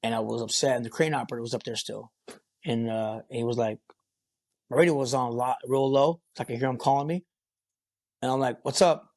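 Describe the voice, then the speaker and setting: A man's voice: mid-range voice, fairly even intonation, brisk, pauses often, darkish tone. Profane, rambling construction foreman. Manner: rambling, profane, filler-heavy. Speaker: podcast guest, concrete foreman. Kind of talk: casual storytelling interview.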